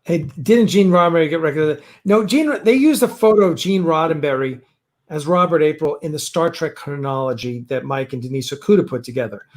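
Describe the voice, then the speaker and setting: Male host, loose rambling delivery, somewhat higher pitch. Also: lively intonation, brisk. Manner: rambling, many fillers and restarts. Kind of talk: casual livestream chat. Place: home, fireworks outside.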